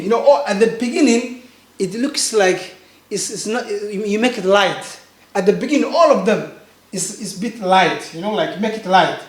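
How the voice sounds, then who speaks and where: A Mandarin teacher leading a pinyin lesson, drawing out each model word slowly and asking the listener to repeat, with casual fillers in between. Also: medium pitch. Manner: slow, drawn-out model words with fillers. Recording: echoey room.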